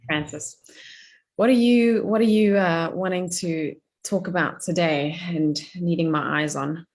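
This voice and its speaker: A woman's voice: fairly low pitch, a little slow, darkish tone. A middle-aged woman life coach running a live online coaching session over a video call, chatty and laughing often.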